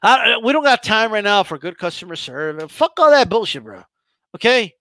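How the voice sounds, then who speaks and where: A man with a very high, bright, sharp-edged voice, ranting with heavy profanity. He stammers and restarts his sentences as he fires up, and the recording is close and dry. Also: sing-song, moderate pace, dry recording. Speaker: boxing channel host. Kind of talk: profane casual rant.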